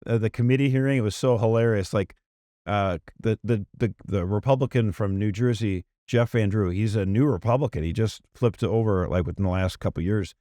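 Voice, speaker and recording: A man co-hosting a casual podcast chat, talking in an animated, exasperated way and putting on mocking voices when he quotes people. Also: lowish voice, a little fast, no echo. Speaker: podcast co-host.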